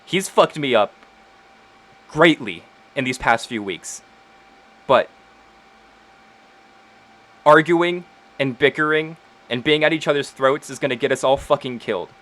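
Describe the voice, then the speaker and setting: Speaking at medium pitch and a measured pace, a man with a natural, slightly bright voice pauses often as he plays a tearful young woman. She pleads with a friend and swears, her voice rising in urgency.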